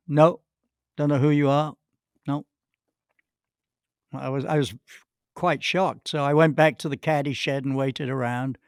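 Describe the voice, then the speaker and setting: A man's voice: medium pitch, no room sound, clean studio sound. An older man, a podcast guest, telling long rambling anecdotes with many restarts and acted-out quotes. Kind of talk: anecdotal storytelling.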